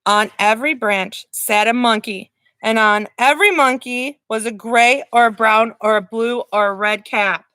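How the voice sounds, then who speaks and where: A woman preschool teacher reading a picture book aloud to young children, animated and asking them questions. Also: fairly high pitch, normal speed, no echo.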